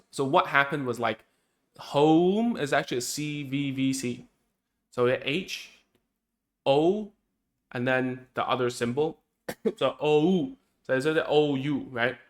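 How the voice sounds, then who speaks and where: A speech therapist explaining speech-disorder treatment steps in a casual, conversational way, often tagging lines with "right?" and "man". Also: mid-range voice. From Cantonese-speaking Chinese community. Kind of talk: casual teaching talk.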